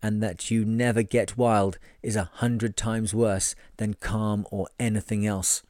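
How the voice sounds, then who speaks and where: A man's voice: fairly low pitch, flat delivery, measured pace, darkish tone, no echo, clean studio sound, lightly acted. A man voicing a worn-out, despairing middle-aged ship's mate with weary, exasperated outbursts.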